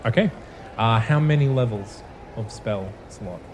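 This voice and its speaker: A man's voice: medium pitch, slight background noise. Man narrating as game master. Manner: slow, halting descriptive narration with fillers.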